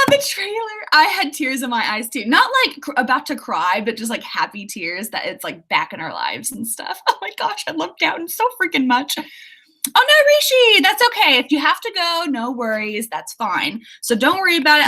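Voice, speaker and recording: A woman's voice: high voice, sharp tone. A young woman, an author, chatting casually and giggling as she reads viewer comments during a livestream. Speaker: author hosting a writing livestream.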